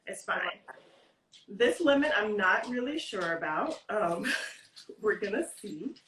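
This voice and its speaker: A woman's voice: medium pitch, lively intonation, slow, fairly bright tone, roomy sound, distant mic, slight background noise, low-quality recording. A woman giving a casual cooking demonstration over a video call from her home kitchen, explaining tips step by step in a chatty way. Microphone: video call, stepping back from the device.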